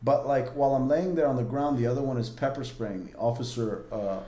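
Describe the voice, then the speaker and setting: A man in his forties tells his own story as a podcast guest. He talks in a candid, earnest way, piling on "like" and restarts. The voice sits mid-pitch and rings a little in an echoey room. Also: brisk, mellow. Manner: vivid, earnest, many "like" fillers.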